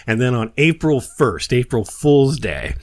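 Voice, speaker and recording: A man hosting a podcast who tells stories in a casual, animated way and acts out the quotes. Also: medium pitch, unhurried, no room sound. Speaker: podcast host. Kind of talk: casual storytelling chat.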